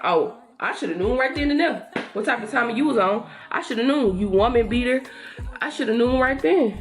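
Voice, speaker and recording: A young woman vlogger chatting to her viewers while doing her makeup, telling a story in an animated way and acting out what people said. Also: a little high, a little fast, soft background music. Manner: animated, talks to viewers as y'all, acts out quotes. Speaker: beauty vlogger.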